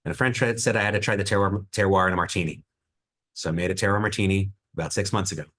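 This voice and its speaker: A man's voice: deep voice, fairly even intonation, quick pace, a bit bright. A man voicing an earnest Southern woman bartender with a Southern twang, telling a heartfelt story.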